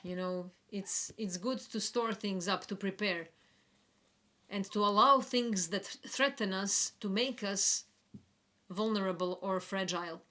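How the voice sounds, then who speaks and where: Woman, astrology forecaster; slow, gentle, reflective delivery at mid pitch. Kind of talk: spiritual forecast talk.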